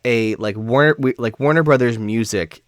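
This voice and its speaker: A man's voice: mid-range voice, normal speed. A man co-hosting a casual movie podcast, chatting back and asking questions. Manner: conversational, reacting and questioning. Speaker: podcast co-host.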